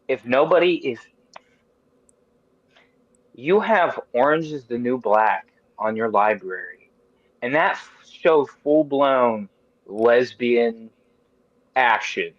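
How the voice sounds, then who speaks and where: A man in his thirties hosting a podcast, chatting casually in an animated, rambling, profane way. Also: mid-range voice, slow, pauses often, no echo, dull audio. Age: 30s. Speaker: podcast host. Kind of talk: casual chat.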